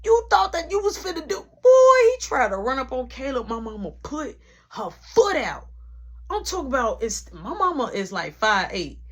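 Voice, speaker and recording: A woman's voice: high voice, very animated, normal speed, husky. A young adult woman telling a story in casual slang, full of sound effects.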